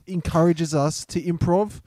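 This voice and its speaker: Mellow teasing New Zealand guy. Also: on the high side, a little slow, no room sound. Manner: teasing, deadpan jabs. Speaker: podcast co-host. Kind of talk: crude casual podcast banter.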